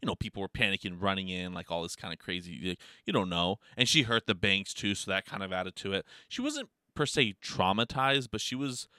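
A man's voice: sits low, brisk, few pauses, clear, resonant tone, dry recording, studio quality. A man telling a story in a casual, rambling monologue, swearing a lot and filling his talk with "like" and "you know.". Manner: profane, heavy filler words, rambling; animated storytelling with laughs.

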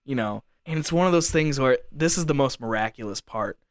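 A man's voice: mid-range voice, animated, brisk, dry recording, clean studio sound. A young man telling a casual story at length, rambling with lots of fillers like "like". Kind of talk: casual anecdote.

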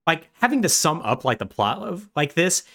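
A man co-hosting a podcast, retelling a game's story in animated, casual chat full of "like". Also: on the high side, moderate pace. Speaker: podcast co-host.

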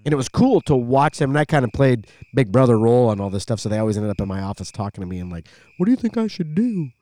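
A middle-aged man co-hosting a podcast, an animated storyteller who used to be a radio voice guy, chatting casually. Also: on the low side, racing, no room sound. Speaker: podcast co-host.

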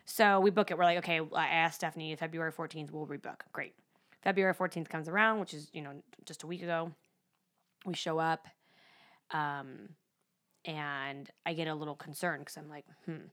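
A woman in her thirties telling a story on a podcast, fast and expressive, acting out the voices of the people she quotes and swearing freely. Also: deep voice. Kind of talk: animated casual storytelling.

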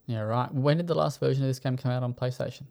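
A man's voice: mid-range voice, fairly even intonation, quick pace, creaky, a crowd in the background. A man hosting a casual chat, running through news items with plenty of filler words. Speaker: podcast host.

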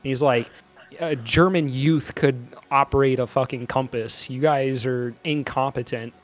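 A man's voice: medium pitch, fairly even intonation, a little slow, soft background music. A man co-hosting a podcast in casual chat, laughing and swearing as he acts out movie quotes. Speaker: podcast co-host.

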